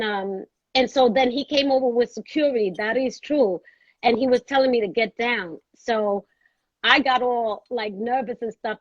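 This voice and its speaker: A woman's voice: a little high, no echo. A woman tells a story in a slightly raised voice, slipping into the voices of the people she quotes. The sound is dry and a little dull. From Brooklyn, New York. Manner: lively storyteller who acts out quoted voices. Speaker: guest, actress. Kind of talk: storytelling conversation.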